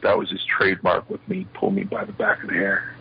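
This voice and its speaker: A man's voice: deep voice, brisk, creaky, slightly rough. An older man, a guest in an interview, tells stories about his past, acting out the lines of the people in them. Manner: animated storyteller acting out quoted dialogue. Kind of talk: shoot interview storytelling. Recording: slightly muffled lo-fi interview audio.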